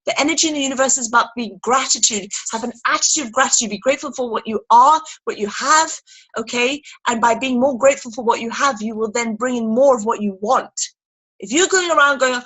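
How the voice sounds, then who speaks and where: Bright, husky high-voiced woman. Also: brisk, rough recording. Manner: animated, emphatic, acts out little scenes. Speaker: sales team leader. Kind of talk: motivational training talk. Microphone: video call.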